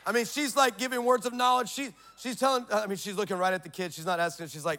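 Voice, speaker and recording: High, bright-voiced preacher man. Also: quick pace, hardly any pauses. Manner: dramatic storytelling, swings from shouting to hushed. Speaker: pastor. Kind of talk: sermon. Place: church.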